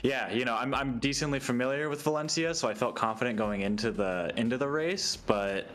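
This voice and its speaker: A young man, a sim racing driver, talking through his race in a relaxed, upbeat post-race interview with small hesitations. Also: medium pitch, fairly quick, soft background music.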